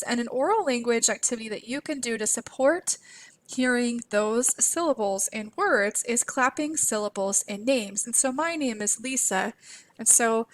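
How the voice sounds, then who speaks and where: A woman instructor delivers a recorded lecture over slides, her voice on the high side and a bit bright. She teaches literacy clearly and encouragingly, modeling letter sounds aloud.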